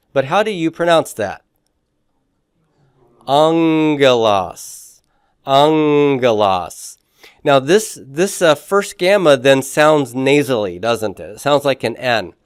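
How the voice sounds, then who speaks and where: A man teaching a Greek class, repeating sounds slowly and quizzing his students with many fillers. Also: medium pitch, animated, no room sound, clean studio sound. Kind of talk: classroom lecture.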